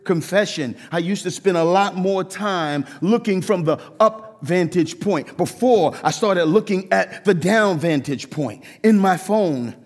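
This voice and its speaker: High-voiced preaching man, reverberant church. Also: unhurried, hardly any pauses. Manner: animated preaching, acts out quoted voices. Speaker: pastor. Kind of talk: sermon.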